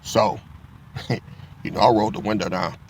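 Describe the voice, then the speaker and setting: A man's voice: fairly low pitch, fairly even intonation, moderate pace, a little mellow, slight background noise. A middle-aged man teaching from the Bible in a casual, profane storytelling style, laughing as he goes.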